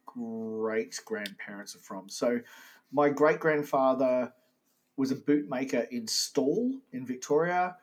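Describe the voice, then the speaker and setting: A man from Australia co-hosting a comedy podcast, playful and teasing, quick to laugh. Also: medium pitch, low-quality recording. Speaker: podcast co-host. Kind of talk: casual comedy chat.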